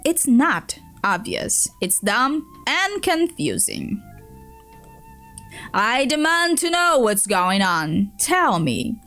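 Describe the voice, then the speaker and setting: A woman reads out a crude, bad-tempered alien boy who snaps back in a high, lively voice, slow and deliberate. Faint music plays behind her. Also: exaggerated voice. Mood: irritated. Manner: brash and foul-mouthed. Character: rude arrogant alien boy, crude and stubborn. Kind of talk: reading a web comic aloud.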